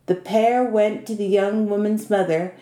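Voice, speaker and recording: Mellow woman narrating a folk tale. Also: medium pitch, roomy sound. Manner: measured, expressive storytelling. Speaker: storyteller. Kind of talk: scripted story narration.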